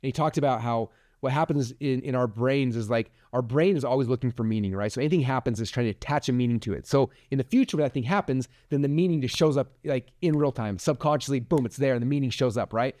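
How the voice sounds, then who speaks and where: Fast and energetic, a forties-aged podcast host with a medium-pitched voice gives a chatty motivational talk, leaning heavily on "like" as filler.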